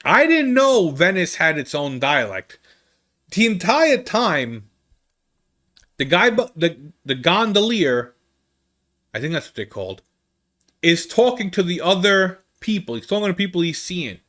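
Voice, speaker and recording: Animated man, fairly high voice. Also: a little slow, long pauses. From United States. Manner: animated, rambling, with big swings in pitch. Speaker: comedian host. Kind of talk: casual storytelling monologue.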